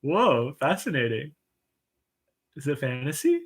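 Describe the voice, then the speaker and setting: A man's voice: mid-range voice, big pitch swings, unhurried, breathy edge. Upbeat chatty man hosting a livestream. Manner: chatty and enthusiastic, frequent "um" and soft laughs; says "y'all", upbeat and encouraging. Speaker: livestream write-in host. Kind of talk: casual livestream chat, reading viewer comments aloud.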